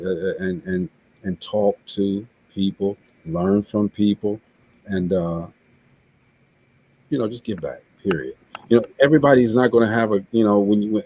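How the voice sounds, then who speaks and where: A man hosts a live web show and closes it with an earnest, preachy talk, often tripping over and repeating his words. His voice sits low and sounds dark and husky. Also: normal speed, rough recording. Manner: emotional. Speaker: show host.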